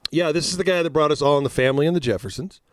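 A man's voice: on the high side, racing, dry recording, studio quality. A man co-hosting a comic book podcast, joking and swearing in loose banter. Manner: joking, profane, does silly voices. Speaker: podcast co-host. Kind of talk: casual banter.

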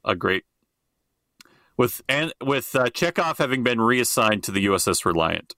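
A man's voice: mid-range voice, very animated, moderate pace, sharp tone, no room sound, clean studio sound. A middle-aged man co-hosting a podcast in casual chat, rambling and swearing freely and often circling back to restart his point. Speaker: podcast co-host.

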